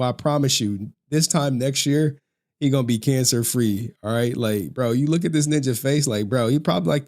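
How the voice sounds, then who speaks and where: A man's voice: medium pitch, darkish tone. A young man ranting on a livestream, profane and mocking, often breaking into laughter. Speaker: streamer. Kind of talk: livestream rant.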